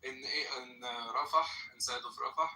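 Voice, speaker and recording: A man's voice: mid-range voice, fairly even intonation, normal speed, pushed and bright, a little hiss or hum. A man in casual debate, speaking with many fillers and restarts. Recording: roomy sound from a distant mic.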